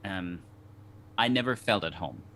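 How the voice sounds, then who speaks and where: A man's voice: sits low, expressive, measured pace, pushed and bright, slight background noise. A man from Denmark, a guest on a talk show, telling a personal story in an earnest, reflective way with many restarts.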